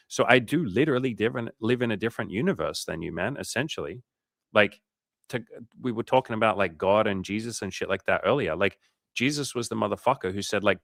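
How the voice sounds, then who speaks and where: Man, dating coach, livestream chat, lowish voice, dry close sound, casual and profane. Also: animated, fast, gravelly, fairly bright tone, no room sound. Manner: casual, profane, fired-up and emphatic.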